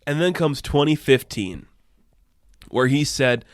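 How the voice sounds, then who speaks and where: A young man hosting a podcast, chatting casually about films in a rambling, animated way, with lots of fillers and swearing. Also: medium pitch, takes it slowly, dry recording, clean studio sound. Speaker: podcast host. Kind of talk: casual chat.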